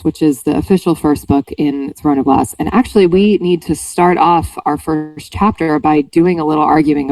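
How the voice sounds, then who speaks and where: A woman's voice: low voice, warm tone, dry recording, far from the mic, poor audio. A woman co-hosting a casual book-club podcast, teasing her partner and fussing over pronunciation. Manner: teasing, laughing, fussy about pronunciation. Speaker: podcast co-host.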